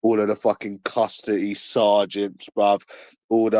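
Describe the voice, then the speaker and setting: A man's voice: on the low side, level tone, normal speed, darkish tone, no room sound, muffled recording. A man in his late twenties with a London accent, ranting casually with heavy swearing and street slang. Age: late 20s. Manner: swearing, boastful, aggressive slang.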